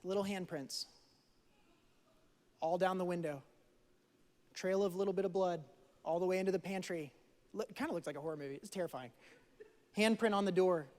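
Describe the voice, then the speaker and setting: A young man preaching a sermon, telling a story in an animated way that swings from hushed to loud. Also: high voice, brisk, long pauses. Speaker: pastor. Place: church hall. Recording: church hall with long reverb.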